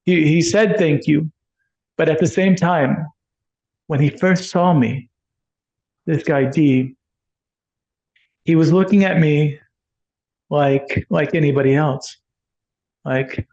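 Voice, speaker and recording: Enthusiastic male storyteller, higher pitch, casual and rambling, muffled lo-fi recording. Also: steady tone, unhurried, pauses often, a little mellow. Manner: rambling, enthusiastic, acts out dialogue. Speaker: energy healer telling his story. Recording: dull lo-fi sound.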